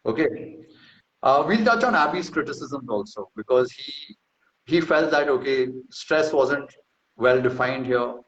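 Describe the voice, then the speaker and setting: A man's voice: mid-range voice, lively intonation, a little slow, fairly bright tone. A man in casual talk reading through a research paper, brash and mocking, with profane boastful asides. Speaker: host. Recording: echoey room, slightly dull sound.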